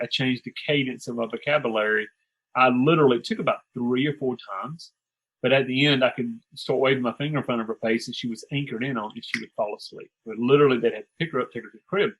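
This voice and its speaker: A middle-aged man, a sales coach, telling stories in an animated, chatty way with quick asides and restarts. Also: mid-range voice, breathy edge, poor audio. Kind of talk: conversational storytelling.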